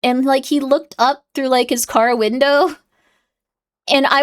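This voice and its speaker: A woman's voice: sits high, steady tone, measured pace. A woman streamer chatting casually, rambling and laughing through embarrassed tears. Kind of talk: casual chat.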